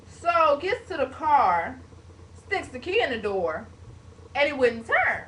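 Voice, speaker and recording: A young woman vlogger telling a story to a webcam at home in a lively, casual way, with sound effects like "boom" and "bam". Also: measured pace. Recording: distant webcam mic, faint hiss.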